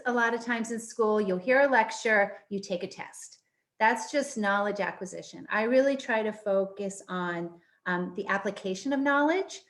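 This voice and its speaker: A middle-aged woman professor presenting in a webinar over a video call, enthusiastic and peppered with um fillers. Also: a little high.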